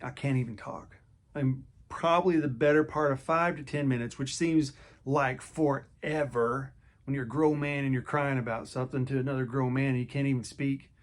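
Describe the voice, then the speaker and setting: A middle-aged man speaking candidly, telling his own story in a loose, conversational vlog style. His voice sits at an ordinary mid pitch, and he often stumbles, repeats a word and starts again as he talks. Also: steady tone, moderate pace. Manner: conversational, repeats and restarts words. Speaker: vlogger.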